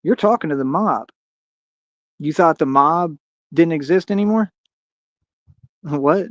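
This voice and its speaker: A man's voice: fairly high pitch, slow pace, long pauses, dry recording, dull audio. A man delivering a confrontational, boastful rant as a streamer, heavy on slang and taunts. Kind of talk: ranting monologue to camera.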